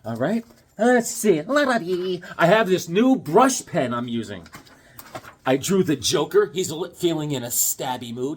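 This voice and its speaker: A middle-aged man rambling and joking through a casual comic-collecting vlog, goofy and animated. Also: on the high side, breathy edge. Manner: goofy, joking, animated, acts out quick bits.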